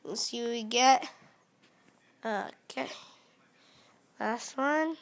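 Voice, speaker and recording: Female gaming host, high and bright, unhurried, excitable, calls out to viewers. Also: creaky. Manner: excitable, keeps calling out to viewers. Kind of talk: casual game commentary.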